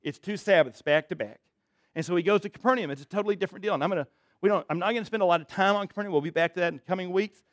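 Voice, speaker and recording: A man preaching a sermon with a fairly high voice, close and dry with little room sound. He moves between reading scripture aloud and plain conversational comment. To stress a point he sinks low and quiet. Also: rapid-fire, no room sound. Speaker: pastor.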